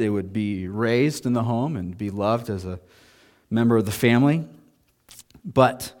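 A man in his thirties preaching a sermon in a relaxed, conversational way, with self-deprecating asides. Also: medium pitch. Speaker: pastor.

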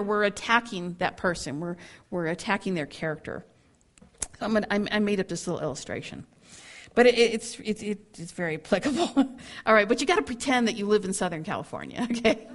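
A woman's voice: medium pitch, brisk. A woman speaking to a women's group in a Bible teaching, acting out angry people's words, laughing often and restarting her sentences. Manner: animated, acts out angry quotes, laughs often; repeats words when starting sentences.

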